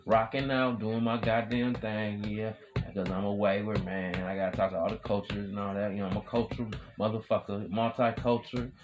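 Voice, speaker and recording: A man hosting his own podcast in a rambling, profane hype monologue, repeating chants and swinging from loud shouting to low mutters. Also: little pitch movement, brisk, hardly any pauses, noisy background. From Wisconsin. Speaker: podcast host.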